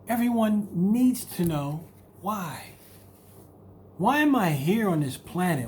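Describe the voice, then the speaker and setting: A man's voice: sits high, very animated, slow pace, long pauses, darkish tone, a little hiss or hum. A man delivering a motivational monologue, hammering home repeated rhetorical questions and speaking candidly about his own struggles. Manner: repetitive, emphatic rhetorical questions. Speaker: motivational video host.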